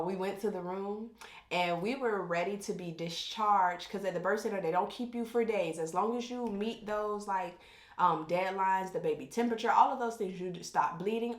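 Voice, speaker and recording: A woman vlogger telling a personal story in casual, candid talk that jumps around and keeps interrupting itself. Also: medium pitch. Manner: rambling, self-interrupting, candid. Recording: roomy echo.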